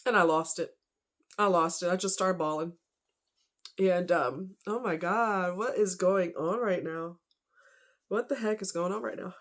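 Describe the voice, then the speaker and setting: Woman, slightly low voice, emotional unscripted storytelling, rambling with fillers. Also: unhurried, pauses often. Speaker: vlogger telling a personal story.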